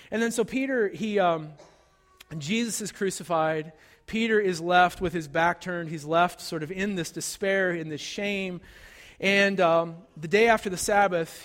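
A pastor with a notably high, slightly bright voice tells his sermon like a casual, conversational story. He keeps asking "right?" and leans heavily on "like." A long reverb trails after him, as if he's in a large hall.

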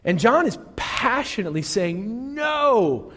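A man's voice: sits high, lively intonation, normal speed, in a large hall. A male pastor preaching a sermon in an earnest, conversational way, full of fillers and restarts.

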